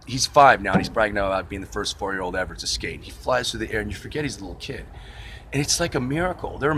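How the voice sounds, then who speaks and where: A man's voice: mid-range voice, noisy background. A man vlogging a casual, rambling rant with a sarcastic, wry manner.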